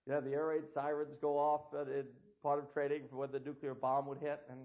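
A man's voice: on the high side, monotone, fairly quick. An older American man giving a history lecture to an audience, with sardonic, dry asides. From United States. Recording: tinny phone-like lo-fi recording.

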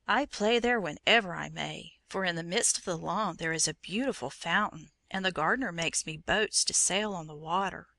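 A woman's voice: fairly low pitch, normal speed, vocal fry, hardly any pauses, bright, forceful tone, no echo. A woman reading a storybook, voicing a kind, earnest six-year-old boy. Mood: happy.

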